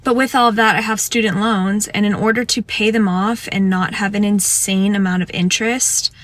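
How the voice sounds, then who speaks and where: Casting: woman lawyer, mid-pitched, earnest frustrated vent. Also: steady tone, moderate pace. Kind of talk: casual social media vent.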